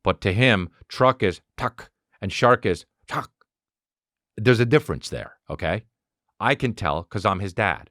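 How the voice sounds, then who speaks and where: Profane, animated man ranting on a podcast. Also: unhurried, no room sound, studio quality. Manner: profane, animated, riffs into mocking high-pitched character voices. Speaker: podcast host. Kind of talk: solo comedic podcast rant.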